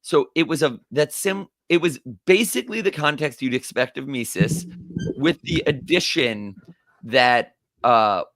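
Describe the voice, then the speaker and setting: A man who is a podcast guest, talking casually and thoughtfully, pausing to correct himself. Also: medium pitch, expressive, fairly bright tone, dry recording, clean studio sound.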